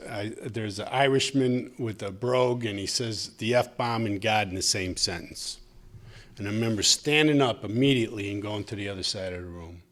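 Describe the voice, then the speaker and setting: Man telling his recovery story. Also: on the low side. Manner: conversational, humorous, gets emotional. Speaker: AA speaker sharing his story. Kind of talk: personal recovery talk. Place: meeting room, live audience.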